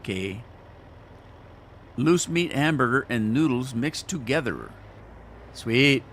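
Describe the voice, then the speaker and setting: This gaming channel host speaks slowly but animatedly, his mid-range voice a bit bright against slight background noise. He rambles in a folksy, casual manner while playing, delivering let's-play commentary.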